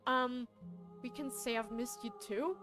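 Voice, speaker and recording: A young woman streams a game with a fairly high voice, speaking a little slowly. In this casual let's-play she gets emotional and reads the on-screen text aloud, with game music playing behind her.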